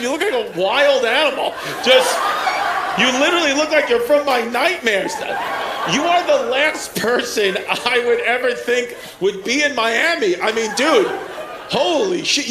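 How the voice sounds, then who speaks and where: A man doing stand-up crowd work, brash and profane, laughing at his own jokes. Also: extremely high pitch. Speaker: stand-up comedian. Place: comedy club stage before a laughing crowd. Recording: club mic with loud crowd laughter and room noise.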